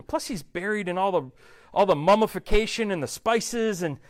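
A man's voice: sits high, moderate pace. A man preaching a casual sermon, reading scripture and breaking in with jokey, conversational asides. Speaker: pastor.

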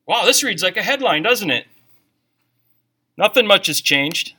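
A man's voice: high-pitched, big pitch swings, unhurried, pushed and bright, slightly rough. A middle-aged man preaching a sermon, mixing jokes with scripture reading in a conversational way. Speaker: pastor.

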